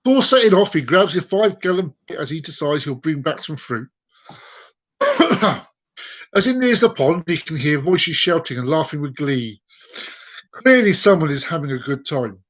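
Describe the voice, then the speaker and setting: Animated man telling jokes. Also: on the high side, normal speed, slightly rough. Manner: animated, laughing at his own jokes, chatty asides. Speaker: host. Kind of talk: joke telling.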